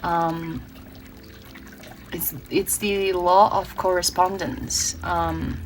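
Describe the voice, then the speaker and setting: A woman's voice: fairly low pitch, level tone, extremely slow, slight background noise, low-quality recording. A woman from Brazil giving a tarot reading, earnest and emotional, often restarting her words. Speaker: tarot reader.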